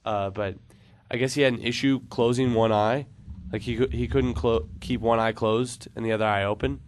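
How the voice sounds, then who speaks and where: A man's voice: mid-range voice, fairly even intonation, moderate pace, a little hiss or hum. A man telling a long funny story on a casual podcast, rambling with many fillers. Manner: rambling, lots of "like" and "uh", laughs at own story.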